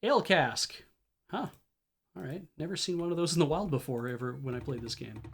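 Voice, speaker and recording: Man casually thinking out loud. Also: a little high, fairly quick, vocal fry, slightly rough. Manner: reads game text aloud, thinking out loud. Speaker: streamer playing a game. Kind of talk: casual game commentary.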